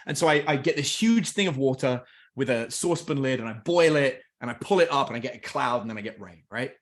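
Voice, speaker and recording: English man telling lively family stories. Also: medium pitch, quick pace. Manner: lively anecdotes, acts out family dialogue. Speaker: podcast guest. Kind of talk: casual storytelling.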